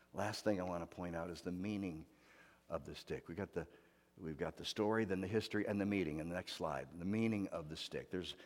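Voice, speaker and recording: A male pastor giving a sermon, telling stories dramatically, going from loud to hushed. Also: low voice. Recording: hall with long reverb.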